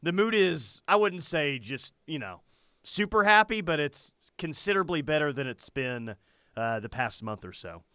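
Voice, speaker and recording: A man co-hosting a casual sports talk show, animated and chatty, reading listener comments aloud. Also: fairly high pitch, normal speed, smooth, dry recording, studio quality. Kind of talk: casual sports radio chat.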